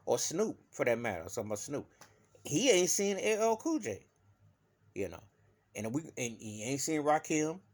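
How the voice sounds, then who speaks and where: Man, vlogger, emphatic rant, loud bursts, muttered asides, mid-pitched voice. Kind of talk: opinion rant to camera.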